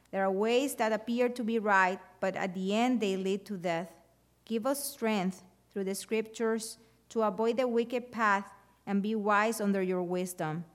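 A woman leading a spoken prayer in a steady, reverent manner before a sermon. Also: mid-range voice. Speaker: prayer leader.

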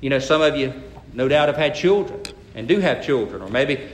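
A man preaching a folksy sermon, stammering into restarts and loudly acting out the people in the story. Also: medium pitch, lively intonation, fairly quick, reverberant. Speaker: pastor.

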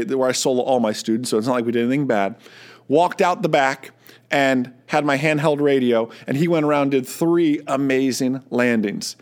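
A man who works as a flight instructor, talking casually to other instructors and telling stories from his teaching. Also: on the high side. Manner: storytelling, acts out quoted students.

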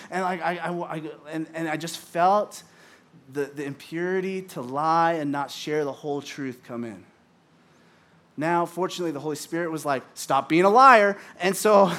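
A man delivers a casual sermon in a slightly higher voice. He talks loosely and conversationally, full of restarts and filler words, and often slips into quick acted-out exchanges to make his point. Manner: chatty, full of "like" and restarts, acts out little dialogues. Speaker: pastor.

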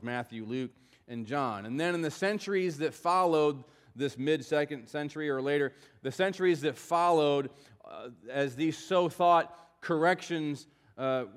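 A pastor preaching a sermon in a conversational, explanatory way, with asides to the congregation. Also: male voice, fairly high pitch, long reverb tail.

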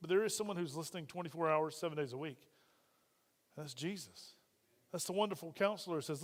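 This pastor's voice sits on the high side, and he talks fast throughout his conversational sermon. He regularly asks the congregation questions, while the church hall adds long reverb.

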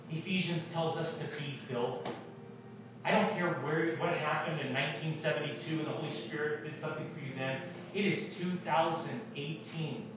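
A male pastor preaching a sermon with impassioned swings from loud declarations to hushed prayer, in a church sanctuary. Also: fairly high pitch, fairly even intonation, normal speed, background noise. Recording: echoey distant room, dull lo-fi sound.

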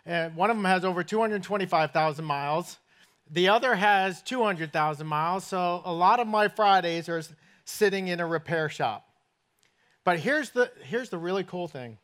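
A man's voice: high-pitched, fairly bright tone. A middle-aged man, a pastor, giving a sermon in a church with folksy, self-deprecating stories. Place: church sanctuary.

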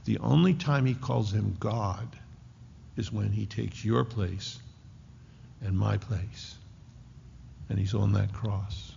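Man, preacher, gravelly voice, dramatic loud-to-hushed sermon, dull lo-fi sound, long hall reverb. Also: fairly low pitch, fairly even intonation, slow pace, long pauses, slight background noise.

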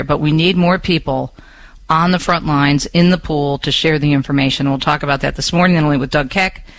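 Impassioned talk radio host, higher voice. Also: male voice, gravelly, fairly bright tone, rough recording. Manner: impassioned, with rhetorical questions; chatty asides to listeners. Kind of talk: radio talk show with news reading. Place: radio studio.

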